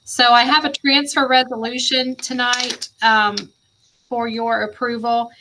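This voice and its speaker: Bright-voiced woman reading budget figures. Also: fairly high pitch, a little hiss or hum, poor audio. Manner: businesslike, reads figures. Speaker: school district finance officer. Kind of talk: presenting at a board meeting. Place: school board meeting room.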